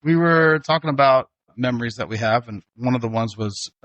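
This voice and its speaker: A man's voice: mid-range voice, a little fast, fairly bright tone, dry recording, muffled recording. A middle-aged man hosting a casual family podcast, telling stories and laughing easily. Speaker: host, father.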